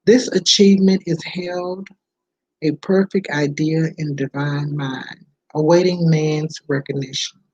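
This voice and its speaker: Slow husky woman reading aloud. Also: fairly low pitch, mellow, no echo, highs cut off. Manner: unhurried read-aloud with casual asides. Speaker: book reader. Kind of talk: reading a self-help book aloud.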